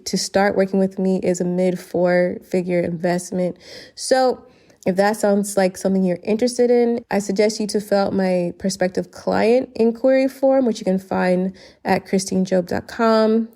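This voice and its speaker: A woman hosts her own solo podcast in an earnest, grateful monologue. Her voice sits at a middling pitch, and she drops short laughs between sentences. She sounds a little choked up as she talks. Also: mellow. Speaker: podcast host. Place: lives abroad, based in Barcelona.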